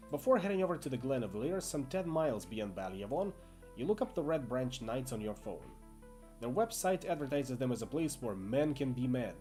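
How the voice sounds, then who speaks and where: Expressive man reading a text game aloud. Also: medium pitch. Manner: expressive second-person narration with asides. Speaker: game player and reader.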